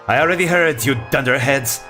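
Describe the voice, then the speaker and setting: A man's voice: medium pitch, pushed and bright, faint music behind, natural voice. A man voicing a fierce, haughty woman general who sneers and threatens. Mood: scornful. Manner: scornful, threatening, drawn-out growls.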